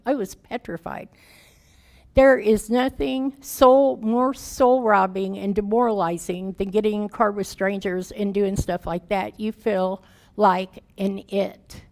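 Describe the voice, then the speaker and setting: Gravelly-voiced woman giving raw testimony. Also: mid-range voice, little pitch movement, measured pace, darkish tone. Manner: candid and plain-spoken, folksy grammar; emotional, raw storytelling. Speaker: guest speaker. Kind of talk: personal recovery testimony.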